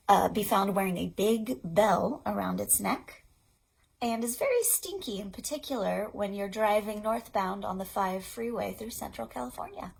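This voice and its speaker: A young woman, a children's librarian, chatting through rhymes and games for little kids at home, chatty and clear in her explanations. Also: medium pitch, low-quality recording. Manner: chatty, explains activities then sings rhymes slowly. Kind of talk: online storytime for toddlers. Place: indoors at home.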